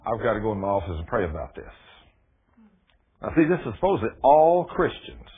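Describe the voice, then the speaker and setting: A male preacher, giving a folksy sermon that builds into loud, emphatic preaching. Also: lowish voice, sing-song, brisk, slightly rough. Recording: muffled phone-like radio broadcast.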